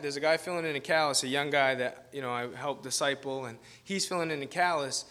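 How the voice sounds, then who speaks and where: A man's voice: medium pitch, brisk, hardly any pauses, pushed and bright. A man preaching as a guest pastor, telling a rambling, self-deprecating story in a casual manner and laughing often. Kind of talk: informal sermon with storytelling.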